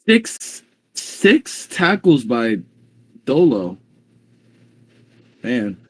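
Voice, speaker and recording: A man giving excitable live play-by-play commentary on a football game, reacting loudly to each play. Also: medium pitch, drawn-out words, breathy edge, dry recording.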